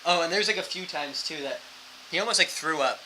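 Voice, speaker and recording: A man's voice: on the high side, fairly quick, a little hiss or hum, poor audio. A young man, a missionary, casually telling a story full of fillers and acting out quotes. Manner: animated, fillers like "like" throughout, acts out quotes.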